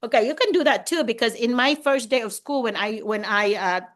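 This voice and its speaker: A woman in her fifties with a Filipino accent, hosting a casual video call with animated, chatty talk and frequent laughter. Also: a little high, brisk. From Philippines. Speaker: host and teacher mentor.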